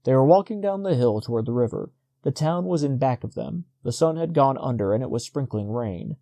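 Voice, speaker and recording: A man narrating a short story as an audiobook reader, in a steady, measured reading. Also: mid-range voice, gravelly, no echo. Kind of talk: scripted narration.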